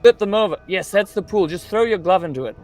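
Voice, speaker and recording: High-voiced excitable man at play. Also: fast, faint music behind. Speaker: player. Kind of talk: tabletop role-play chat.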